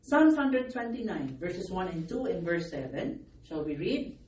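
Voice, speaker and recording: A woman's voice: lowish voice, very animated, a little slow, darkish tone. Woman pastor preaching, distant and echoey. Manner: calls for amens, laughs between phrases. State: losing her voice from crying. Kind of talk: sermon. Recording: echoey room, distant mic, faint noise.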